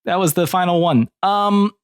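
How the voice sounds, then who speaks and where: A man playing in a tabletop game session. He talks casually and haltingly, with many fillers and quick laughs. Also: high voice, smooth, no echo, clean studio sound. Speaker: player.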